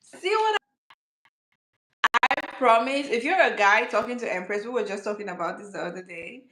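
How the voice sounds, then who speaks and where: A woman's voice: medium pitch, animated, moderate pace, echoey room, heavy background noise. A woman hosting a casual skincare channel chat, teasing her friend and laughing often.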